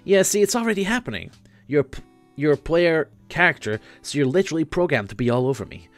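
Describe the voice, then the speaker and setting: A man's voice: fairly high pitch, lively intonation, fast talker, faint music behind, pitched above the performer's own voice. A man doing a rambling, laid-back floating guide boy.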